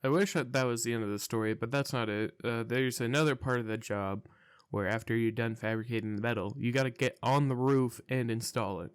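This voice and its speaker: A young man rambles through a casual story, cursing freely and sounding baffled by what happened. His voice is smooth and clear, and it sits close and dry with no room around it. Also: mid-range voice, fairly even intonation, a little fast, no echo. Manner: profane, rambling, incredulous. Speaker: storytelling vlogger.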